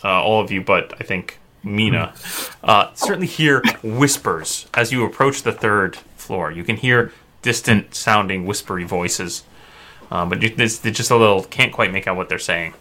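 A man's voice: lowish voice, moderate pace, bright, forceful tone. A man narrating a tabletop role-playing game as game master, describing scenes with fillers.

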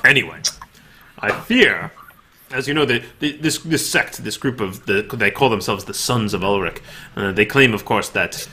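A man voicing a formal, pompous male Templar knight who speaks haltingly and repeats his words. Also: lowish voice, pushed and bright. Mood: solemn.

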